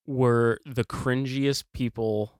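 A man's voice: medium pitch, steady tone, slow pace, no echo, clean studio sound. A man co-hosting a casual podcast, telling a story in a rambling way with laughs and restarts. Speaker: podcast co-host. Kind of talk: casual chat.

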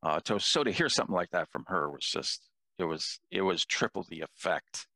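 A man's voice: sits low, expressive, normal speed, sharp tone, dry recording. An older man in casual conversation, a self-deprecating storyteller who jokes his way through anecdotes.

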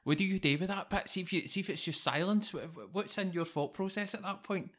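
Relaxed man hosting a chat. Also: high-pitched, quick pace. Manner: relaxed, brief agreeing replies. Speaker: podcast host. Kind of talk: casual interview chat.

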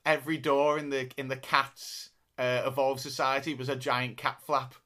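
Bright-voiced man chatting. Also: medium pitch, little pitch movement, normal speed. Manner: rambling storyteller with frequent restarts. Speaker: podcast co-host. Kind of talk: casual chat.

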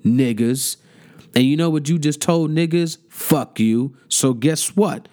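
A man's voice: fairly high pitch, takes it slowly, dark tone. Heated, mocking man ranting. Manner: heated, profane, mocking, repetitive. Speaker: podcast host. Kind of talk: casual rant.

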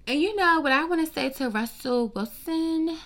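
A woman ranting in a casual, profane gossip monologue, sassy and animated, with lots of rhetorical questions. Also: sits high, moderate pace. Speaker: commentator. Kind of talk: casual celebrity gossip rant.

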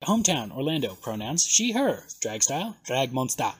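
A man hosting a casual podcast, excitable and swearing now and then as he reads contestant bios aloud. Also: mid-range voice, moderate pace, slightly rough, no echo. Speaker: podcast host.

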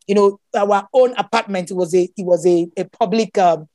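A woman's voice: medium pitch, normal speed, mellow, dry recording, studio quality. A woman with a Nigerian accent, a guest animatedly telling a personal story. She exclaims often and laughs as she talks.

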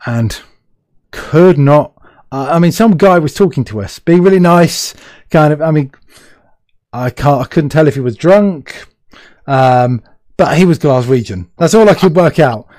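Man, from the UK, podcast host, mellow voice, chatty and rambling, video call, dry sound. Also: on the high side, animated, unhurried, no room sound. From United Kingdom. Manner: rambling, self-interrupting, chatty. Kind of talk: casual conversational interview.

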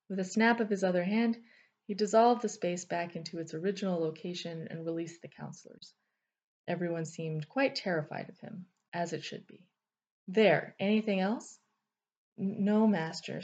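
Woman audiobook narrator, expressive, lowish voice, muffled recording. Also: slightly rough. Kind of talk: fiction narration.

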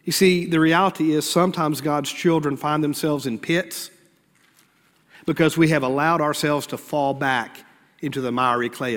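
A man preaches with a high, ringing voice that lifts on key points and sinks to quiet prayer. His sermon carries a long reverb from a church sanctuary, and his tone is bright and forward. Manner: earnest preaching, swinging between raised emphasis and hushed prayerful lines. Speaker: pastor.

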